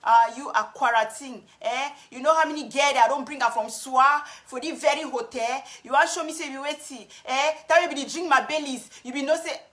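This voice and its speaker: A scornful, arrogant man, put on by a woman, hurls rapid-fire insults in Cameroonian Pidgin. The voice sits higher than her storytelling voice and rushes along, full of contempt. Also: fairly bright tone.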